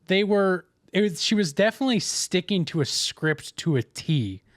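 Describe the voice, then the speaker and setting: A man's voice: high-pitched, animated, normal speed, no echo, studio quality. A young man, a podcast co-host telling a rambling story in casual chat with many restarts.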